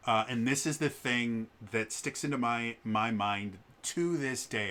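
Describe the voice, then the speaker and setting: A man's voice: mid-range voice, unhurried, sharp tone. A man in his thirties telling a personal story in a casual, hesitant way, with frequent stammers and restarts. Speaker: vlogger.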